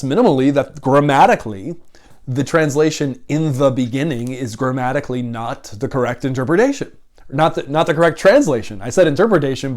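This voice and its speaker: A man's voice: medium pitch, a little mellow. A seminary professor giving a video lecture, explaining carefully and earnestly, often correcting and restating himself as he goes.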